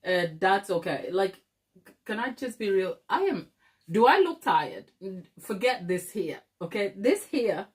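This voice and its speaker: Laughing often and calling her viewers darling, a middle-aged African baking-channel host chats casually during a livestream. She speaks in a mid-range voice that is very animated yet unhurried.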